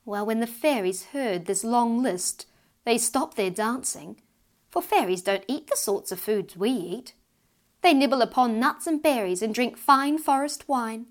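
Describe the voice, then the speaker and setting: Woman gently reading a fairy tale aloud. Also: on the high side, unhurried. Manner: gentle, expressive storytelling. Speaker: author and narrator. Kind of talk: storybook reading.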